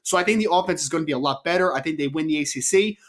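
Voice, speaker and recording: A man's voice: fairly high pitch, very fast, fairly bright tone. A man co-hosting a sports podcast, making confident calls in casual debate and correcting himself mid-sentence. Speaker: podcast co-host.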